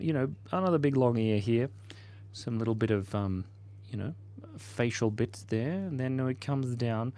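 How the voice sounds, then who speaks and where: A man in his forties hosting a casual livestream, chatting playfully with viewers while he draws. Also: medium pitch. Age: 40s. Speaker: livestream host.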